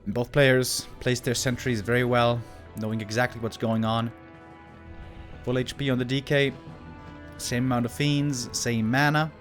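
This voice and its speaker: A man calling an esports match live in a relaxed, chatty way. He gasps and exclaims at the big moments, then wanders off into easygoing side talk with the viewers. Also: medium pitch, normal speed, faint music behind. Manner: chatty, exclaiming at plays, drifts into asides to chat. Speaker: esports caster. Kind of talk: live game commentary.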